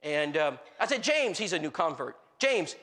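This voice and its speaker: A man whose voice is a little high and fairly quick delivers a storytelling sermon. He is animated, acting out the people in his stories, and frequently restarts his sentences and uses filler words.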